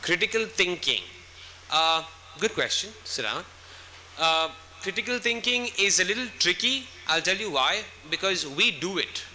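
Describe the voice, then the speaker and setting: A man takes questions from a student audience. His voice sits high and rings very bright, with a faint hiss of background noise. He explains patiently and keeps asking "okay?". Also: big pitch swings, unhurried. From India. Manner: instructive, repeats "okay?" to check listeners. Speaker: guest speaker answering student questions. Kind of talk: Q&A session at a school event.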